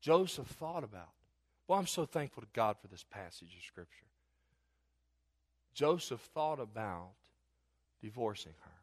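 A middle-aged man preaching a sermon as a pastor, telling jokes and stories in an animated way. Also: medium pitch, measured pace, long pauses. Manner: animated, joking storyteller. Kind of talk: humorous sermon.

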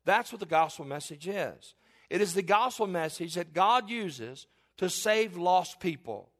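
Forties guy preaching, high pitched, reads scripture then hammers the point, repeats himself a lot. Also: expressive, unhurried. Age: 40s. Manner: emphatic, repeats and restarts phrases. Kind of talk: sermon with Bible reading.

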